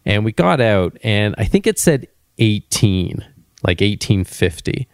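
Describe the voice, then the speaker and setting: A young man from Canada hosting a podcast, telling a travel story in a rambling, animated way. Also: fairly low pitch, a little slow, no echo, clean studio sound. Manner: rambling, animated anecdote-telling with frequent restarts. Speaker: podcast host.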